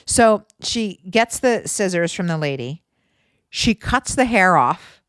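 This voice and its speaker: A woman hosting her own podcast, telling a story in a casual, animated way, cursing freely and often breaking into laughter. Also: fairly low pitch, slow, clear, resonant tone, dry recording, clean studio sound. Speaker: podcast host.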